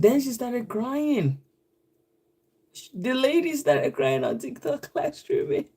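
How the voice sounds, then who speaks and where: A man hosting a live stream, rambling through a story in easy, casual talk. His voice is gravelly with plenty of fry, pitched slightly high for a man, and his pace is unhurried.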